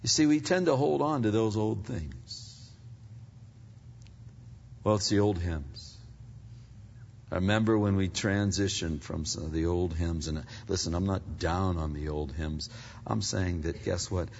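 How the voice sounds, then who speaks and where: Older male pastor, rough husky voice, chatty sermon that rises loud then drops hushed, dull recording in a big church. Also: low voice, a little slow, long pauses. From Pennsylvania, United States. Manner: conversational preaching, swings from loud to hushed. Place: large church sanctuary. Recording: dull reverberant hall sound.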